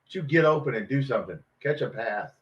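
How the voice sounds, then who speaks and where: A man's voice: medium pitch, lively intonation, fast talker. A man hosting a live football watch party, reacting to every play with frustration and swearing at players and referees. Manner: frustrated, swearing, yelling at the game. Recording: dull lo-fi stream audio.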